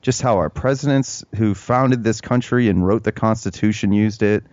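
Man, podcast host, low voice, laid-back rambling questions, dry dull sound. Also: moderate pace, no room sound. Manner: relaxed, loose, full of "like" and restarts. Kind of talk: casual interview chat.

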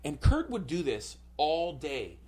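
A man's voice: on the high side, big pitch swings, slow pace, dark tone. Rambling man telling a story. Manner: rambling, full of filler words. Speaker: comedian guest. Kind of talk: casual podcast storytelling.

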